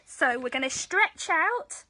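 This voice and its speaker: A woman leading a children's story time in a playful, animated way, with gasps and hushed asides. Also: high voice, slow pace, no echo, poor audio.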